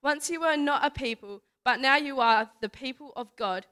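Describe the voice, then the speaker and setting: A woman's voice: high-pitched, normal speed, sharp tone, clear, resonant tone. Chatty young woman sharing a church testimony. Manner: chatty, full of "like" and "you know", laughs often. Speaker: youth speaker at church. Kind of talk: casual church testimony talk.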